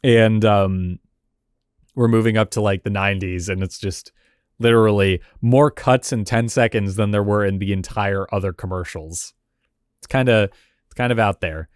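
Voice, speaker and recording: A man with a lowish, clear and resonant voice hosts a casual reaction video, speaking at normal speed on a dry, studio-quality recording. He thinks aloud as he reacts to and analyzes old game commercials, chuckling between remarks and often saying "like" and "you know."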